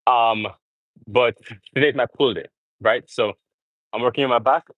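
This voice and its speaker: A man's voice: medium pitch, steady tone, normal speed, no room sound, phone-quality sound. A young man rambling earnestly to viewers as he livestreams during a gym workout. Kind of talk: casual live-stream chat.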